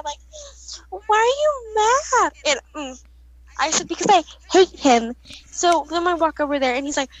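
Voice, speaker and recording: High-voiced giggly young woman rambling. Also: no echo, rough recording. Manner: rambling, giggly, frequent fillers. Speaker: vlogger. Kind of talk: casual storytime.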